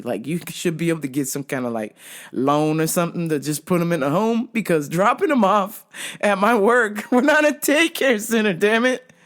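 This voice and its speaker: Woman vlogging, swings up and down a lot, swears, laughs a bunch. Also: deep voice. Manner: animated, profane, laughs often. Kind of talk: casual storytelling monologue.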